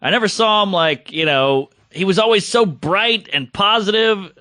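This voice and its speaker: Bright, lively-voiced wry man. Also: high voice, normal speed, dry recording, clean studio sound. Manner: wry, teasing banter with musing asides. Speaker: podcast co-host. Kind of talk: casual chat. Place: podcast studio.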